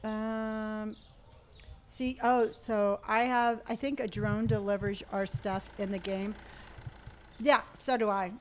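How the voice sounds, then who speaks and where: A woman's voice: medium pitch, little pitch movement, slow pace, a little hiss or hum. A middle-aged woman chatting casually on a live stream while she plays, reading viewer comments aloud and humming to herself. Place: at home.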